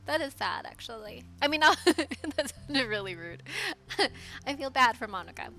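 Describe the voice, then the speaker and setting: Casting: casual home gamer woman, bright lively voice, laughs and mutters asides. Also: fairly high pitch, unhurried, faint music behind. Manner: chatty, bursts of laughter, soft asides. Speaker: let's play gamer. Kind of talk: casual gameplay commentary. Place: home, at a laptop. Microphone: headphones with mic.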